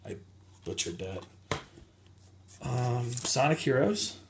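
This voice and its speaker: Male vlogger, unhurried, rambling show-and-tell, audible hiss and clicks behind. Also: mid-range voice, lively intonation. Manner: rambling, self-correcting, chatty. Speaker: game collector showing finds. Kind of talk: casual show-and-tell vlog. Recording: clear background noise with clicks.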